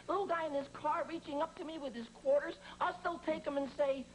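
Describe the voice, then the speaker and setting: An actor playing an excitable, anxious toll-booth worker in a studio sitcom, talking frantically. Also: male voice, extremely high pitch, fast, low-quality recording. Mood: giddy. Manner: frantic, panicky. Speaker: sitcom character, a nervous quiz contestant. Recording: studio audience laughter and noise.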